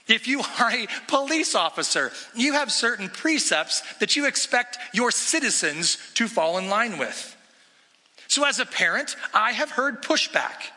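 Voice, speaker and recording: A man's voice: high-pitched, sharp tone, long reverb tail. A middle-aged man preaching a sermon as pastor, teaching emphatically and asking rhetorical questions.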